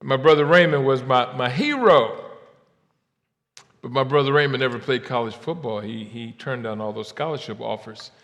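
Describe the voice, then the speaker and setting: A man from Ohio giving a keynote faith talk, swinging from quiet asides to shouted, drawn-out declarations. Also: mid-range voice. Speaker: keynote speaker. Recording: long hall reverb.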